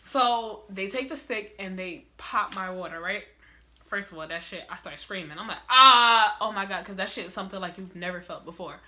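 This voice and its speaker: A young woman telling a story in a casual vlog, animated and heavy on swearing. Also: medium pitch, a little fast. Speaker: vlogger.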